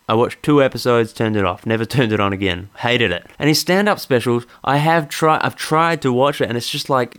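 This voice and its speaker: A man's voice: medium pitch, a bit bright. A man hosting a podcast, ranting sardonically and profanely in a rambling, casual way. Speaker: podcast host.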